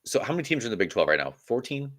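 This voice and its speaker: A man's voice: mid-range voice, sing-song, rapid-fire, fairly bright tone. A young man with an American Midwest accent co-hosting a casual sports podcast, laid-back and agreeable. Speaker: podcast co-host.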